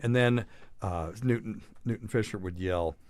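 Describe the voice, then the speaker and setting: A man's voice: on the low side, moderate pace, a little mellow, no room sound. A middle-aged man, a doctor hosting a show, telling profane, rambling anecdotes in casual chat.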